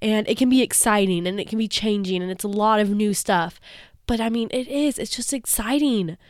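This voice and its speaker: A woman's voice: medium pitch, normal speed, no room sound, clean studio sound. A young woman co-hosting a podcast, teasing and laughing as she retells a story in a bubbly way. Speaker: podcast co-host. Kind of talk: casual chat.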